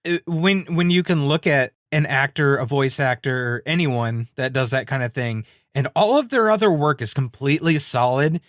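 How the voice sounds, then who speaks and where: A man co-hosting a cartoon podcast in casual chat, animated, acting out quotes and laughing often. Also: medium pitch, moderate pace, few pauses, dry recording, studio quality. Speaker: podcast co-host.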